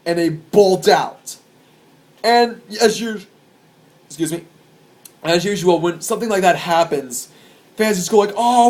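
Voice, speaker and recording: Young male vlogger with a slightly high voice. Rambles through crowd stories, swears freely and gets excited. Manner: excitable, profane, rambling with restarts. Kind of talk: casual storytelling to camera.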